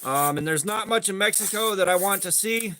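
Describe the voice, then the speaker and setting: Bright high-voiced man chatting. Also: a little fast, slight background noise. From southeastern United States. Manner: rambling and chatty, greets viewers by name, casual swearing. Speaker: livestream host. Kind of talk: casual livestream chat.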